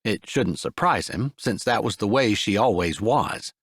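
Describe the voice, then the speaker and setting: A man reading a sweet romance audiobook in a gentle, expressive storytelling manner. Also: lowish voice, measured pace, slightly rough, no room sound, studio quality. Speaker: audiobook narrator. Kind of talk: scripted narration.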